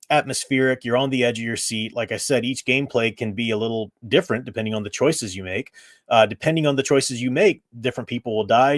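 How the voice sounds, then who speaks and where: A man's voice: medium pitch, dry recording. A man hosting a casual review show, talking enthusiastically and rambling with frequent restarts. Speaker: host reviewing games.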